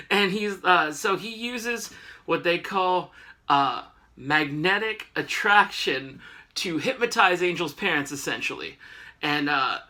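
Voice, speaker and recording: Chatty, bright-voiced man hosting a comic vlog. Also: sits high, animated, takes it slowly. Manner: slangy, chatty, digressive. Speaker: host. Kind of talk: casual comic book review vlog.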